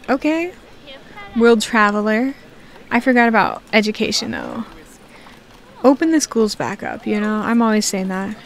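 A woman's voice: a little high, slight background noise. Chatty young woman joking over gameplay. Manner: chatty, joking, talks to herself. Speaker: gaming video creator. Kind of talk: casual gameplay commentary.

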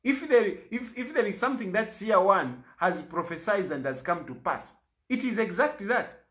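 A man's voice: high voice, animated, moderate pace, a bit bright. A Zambian man, an opposition politician, making an impassioned public statement in an aggrieved, pleading way and repeating lines for emphasis.

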